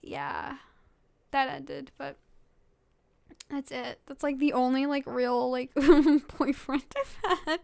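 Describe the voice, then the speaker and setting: Casting: tired young woman vlogger, high unhurried voice, giggly rambling chat, dry close sound. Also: steady tone, gravelly, darkish tone, no room sound. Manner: giggly, rambling, full of fillers. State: sleepy. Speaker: vlogger reading fan fiction. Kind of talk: casual late-night reading aloud.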